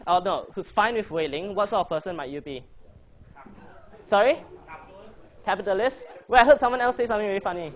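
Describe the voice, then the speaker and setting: A man coaching a debating workshop, chatty and joking as he quizzes his audience. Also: high voice. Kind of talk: casual workshop presentation.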